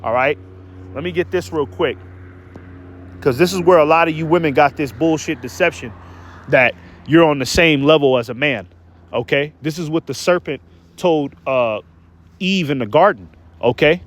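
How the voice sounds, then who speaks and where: Male online preacher, slightly high pitch, emphatic and repetitive, stumbles on words while reading verses. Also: normal speed, long pauses. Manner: emphatic, keeps asking "okay?" and "man". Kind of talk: preaching rant with scripture reading.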